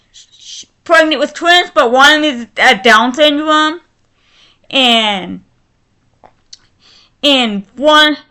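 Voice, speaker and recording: A woman with a high, bright voice rants angrily to camera, stumbling and restarting her sentences. She speaks slowly and deliberately despite her fury. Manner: furious, halting, with many restarts. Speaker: vlogger. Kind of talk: angry ranting vlog.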